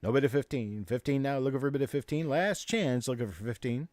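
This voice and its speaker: A man hosting a live coin auction, calling bids in rapid, repetitive runs and joking between lots. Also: mid-range voice, expressive, darkish tone, dry recording. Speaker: auctioneer and show host.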